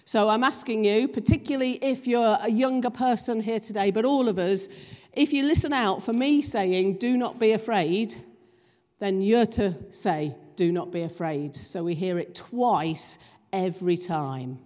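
Woman giving a sermon, slow deliberate delivery, long echo off a church hall. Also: medium pitch, darkish tone. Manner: slow, emphatic, engages the congregation. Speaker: preacher.

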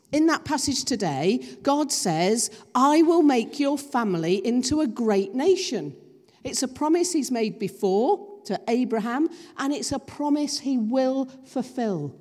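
Slow-speaking woman preaching in a hall. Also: high voice, big pitch swings, a little mellow. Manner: slow, emphatic, engages the congregation. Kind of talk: sermon. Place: church hall. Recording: long reverb of a church hall.

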